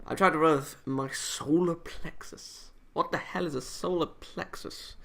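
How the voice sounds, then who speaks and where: Bright-voiced joking man reading aloud. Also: fairly high pitch, a little slow, gravelly, few pauses. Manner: reads narration aloud, breaks off with sarcastic self-mocking jokes. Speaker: let's play host reading a visual novel. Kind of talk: casual read-aloud with joking asides.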